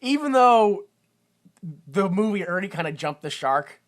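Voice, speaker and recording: A man hosting a podcast, chatting casually about a film, excitable, laughing often and swearing. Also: high-pitched, normal speed. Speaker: podcast host. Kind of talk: casual chat recapping a film.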